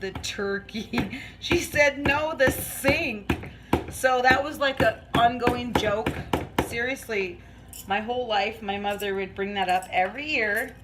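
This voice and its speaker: Woman vlogger, unhurried kitchen chat, rambling and giggly, faint background hum. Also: fairly high pitch, fairly bright tone, low-quality recording. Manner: chatty, rambling, laughs often. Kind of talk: casual chat while baking. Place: home kitchen.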